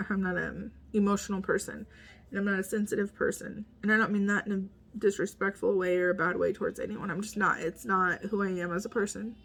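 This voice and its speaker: A woman in her thirties telling a personal story as a mother, speaking softly with many pauses and restarts, at times near a whisper. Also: medium pitch, steady tone, gravelly, slightly rough. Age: 30s. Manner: halting, soft-spoken, pauses and restarts, often near a whisper.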